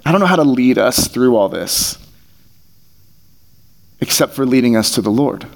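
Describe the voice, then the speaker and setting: A man's voice: mid-range voice, animated, moderate pace, creaky. Earnest male pastor preaching. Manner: conversational, earnest, repeats phrases for emphasis. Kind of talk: sermon. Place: church hall. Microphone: headset mic taped to face.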